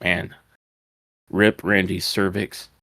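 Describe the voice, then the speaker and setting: A man recapping a wrestling show on a podcast with a wry, laid-back delivery. His voice sits on the low side. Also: level tone, slow, bright, forceful tone, no echo. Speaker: podcast co-host.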